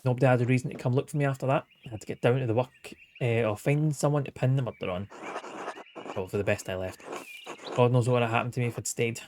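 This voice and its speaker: A hardworking village man with a blunt, grumbling manner turns defensive and evasive, as a man reads him out. The voice sits at an ordinary middle pitch. A steady background noise runs under the recording. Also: quick pace, lightly acted.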